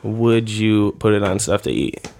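A man's voice: lowish voice, lively intonation, a little slow, vocal fry, a little mellow. A man co-hosting a comedy podcast, chatting crudely and laughing his way through reading a news story aloud. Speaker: podcast co-host.

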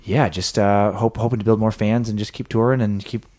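A man, a stand-up comedian guest, improvising a scene with quick, agreeable interjections. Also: lowish voice, fairly even intonation, a little mellow.

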